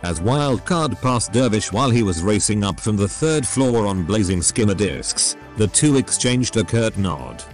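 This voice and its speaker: Low synthetic male story narrator. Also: unhurried, few pauses, soft background music. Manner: steady machine-read delivery. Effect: synthetic text-to-speech voice.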